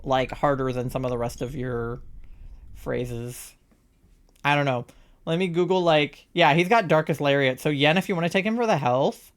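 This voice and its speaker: A live streamer from the Southern United States with a mild Southern accent, chatting casually and swearing freely while gaming, throat sore. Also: medium pitch. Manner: chatty, loose and swearing, often laughing.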